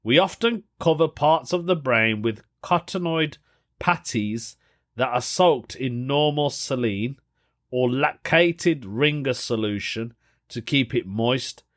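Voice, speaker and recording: A man hosting a solo podcast, chatting casually, reading a news story aloud and reacting with amused disbelief. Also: mid-range voice. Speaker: podcast host.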